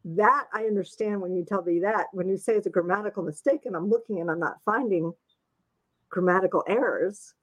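A woman's voice: medium pitch, fairly quick. A woman author chatting casually, talkative and self-deprecating, laughing often. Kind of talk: casual chat.

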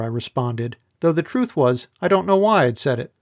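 A man narrating a first-person audiobook in a measured, wry delivery. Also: mid-range voice, expressive.

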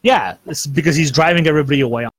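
A man's voice: fairly high pitch, racing, no echo. A man chatting casually on a podcast, rambling with lots of fillers and restarts. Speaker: podcast co-host. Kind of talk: casual chat.

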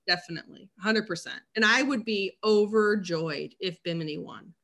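A bright, crisp-sounding voice talks in a loose, casual chat. The speech is full of fillers and offhand swearing, in the tone of an easygoing co-host. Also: mid-range voice, normal speed. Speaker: podcast co-host.

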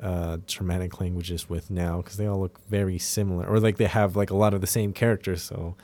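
Low-voiced man musing over a film. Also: little pitch movement, fairly quick, mellow. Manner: rambling, many fillers and restarts. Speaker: podcast co-host. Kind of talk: casual film discussion.

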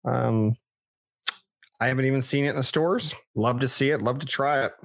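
A man's voice: mid-range voice, moderate pace, gravelly, dry recording. Chatty male podcast host, dry sound. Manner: chatty, with frequent restarts and fillers, reading from a list. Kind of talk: casual chat.

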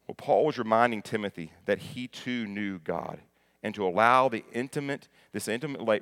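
A middle-aged male pastor preaching a conversational sermon, moving between quiet explanation and loud, emphatic passages. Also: lowish voice.

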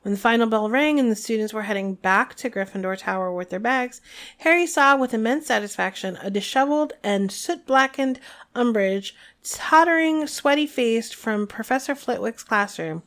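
A woman's voice: on the high side, normal speed, fairly bright tone. A woman co-hosting a podcast, chatting casually and reading a book aloud with opinionated asides. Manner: chatty, opinionated, lots of fillers. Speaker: podcast co-host.

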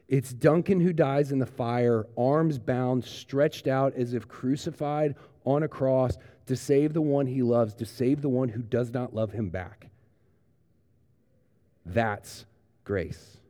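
A man preaching a sermon as pastor, retelling a story earnestly and then moving into a quiet prayer. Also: medium pitch, in a large hall.

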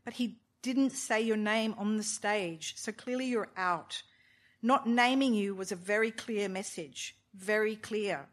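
A woman's voice: medium pitch, unhurried, close to an everyday voice. A woman reading a novel aloud, voicing a pregnant young wife who speaks with a scornful, exasperated edge.

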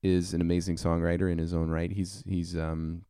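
A man's voice: low-pitched, level tone, normal speed, warm tone, smooth, no room sound, clean studio sound. A man hosting a podcast, chatting casually and rambling, with lots of fillers. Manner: easygoing, rambling with many fillers. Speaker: podcast host.

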